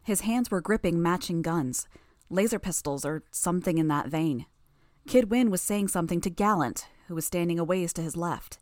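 A woman with a lowish voice reads first-person fiction aloud. Her delivery is even and steady. The recording is dry and close to the mic. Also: moderate pace, dry recording. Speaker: audiobook narrator.

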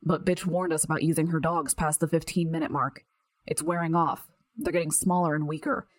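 A woman voicing a calm, practical young man who explains things steadily, in an audiobook reading. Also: low-pitched, brisk, no room sound, close to an everyday voice. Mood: steady.

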